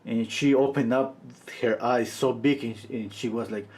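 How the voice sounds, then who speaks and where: A man in his fifties, a portrait painter chatting casually on a livestream and telling rambling, animated stories. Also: medium pitch, moderate pace, hardly any pauses. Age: 50s. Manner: rambling, animated storytelling full of "you know".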